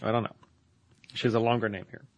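A man's voice: lowish voice, little pitch movement, quick pace, dry recording. A man co-hosting a casual podcast, reading listener mail and trading dry wisecracks. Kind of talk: casual chat.

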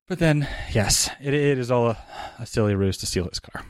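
Casting: male co-host, mid-pitched and easygoing, dry close mic, quotes scenes and laughs a lot. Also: fairly quick, few pauses, smooth, dry recording. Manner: laughs easily, acts out movie lines. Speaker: podcast co-host. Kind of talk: casual movie discussion.

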